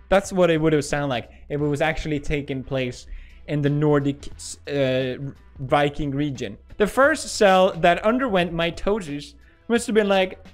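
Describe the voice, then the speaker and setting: A man's voice: a little high, lively intonation, moderate pace, soft background music. A young man hosting comedic meme commentary, goofy and ironic, laughing often. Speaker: host.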